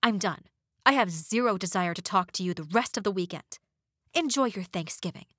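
A woman voicing a young sister who snaps back at her brother in sharp, exasperated retorts. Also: medium pitch, animated, normal speed, dry recording, studio quality. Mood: fed up.

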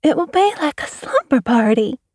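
A woman reading an audiobook, voicing an excitable young girl who pleads and wails. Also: sits high, normal speed, no room sound, studio quality, voice pushed up. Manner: pleading, wailing.

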